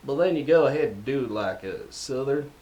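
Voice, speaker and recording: A young American man co-hosting a podcast in casual chat, rambling and jokey, often trailing off quietly. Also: medium pitch, expressive, normal speed. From United States. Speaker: podcast co-host.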